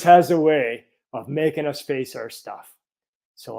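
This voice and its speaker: Gravelly man in his fifties telling stories. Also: a little high, measured pace. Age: 50s. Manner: animated, earnest storytelling. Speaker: chiropractor. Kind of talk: personal storytelling talk.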